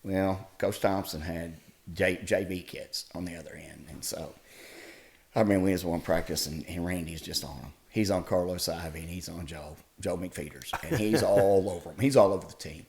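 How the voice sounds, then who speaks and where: Middle-aged male guest, very low gravelly voice, folksy storyteller. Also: normal speed. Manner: folksy, animated retelling with laughs. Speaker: podcast guest. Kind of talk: casual storytelling.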